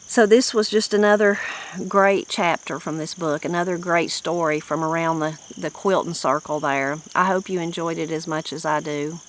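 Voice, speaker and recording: A woman's voice: low voice, steady tone, moderate pace, poor audio. A woman with a Southern Appalachian accent, a channel host chatting about a book in a folksy, rambling, reflective way. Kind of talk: casual book-discussion chat.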